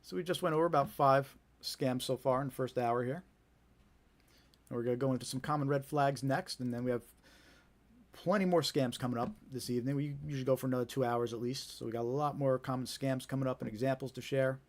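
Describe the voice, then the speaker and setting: A man with a New Jersey accent talks to his viewers in an easygoing, conversational way, circling back with "you know" and restarting his sentences. His voice sits at a middling pitch for a man. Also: fairly even intonation, fast talker. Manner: chatty and conversational, many fillers and repeated starts. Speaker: host of a scam awareness live stream. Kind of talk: casual live-stream chat.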